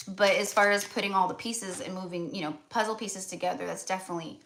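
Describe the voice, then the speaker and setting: A woman's voice: mid-range voice, fairly even intonation, quick pace, a bit bright, slight background noise. American lady doing a tarot reading, chatty, lots of you knows and restarts. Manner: chatty, with many fillers and restarts. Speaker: tarot reader. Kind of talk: casual spiritual reading.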